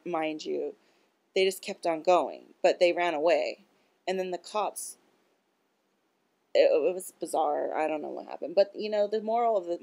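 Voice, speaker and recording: A woman's voice: sits low, gravelly, darkish tone. A woman talking in a rambling, casual monologue. She is blunt and profane, and she leans on filler words as she goes. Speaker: vlogger.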